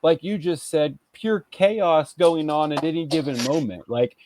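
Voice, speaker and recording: A man's voice: fairly high pitch, a little slow, a little mellow, no room sound. Guy in his 30s on a chill podcast, rambly and thoughtful, dry close sound. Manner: rambling, reflective, lots of fillers. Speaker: podcast co-host. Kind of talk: casual chat.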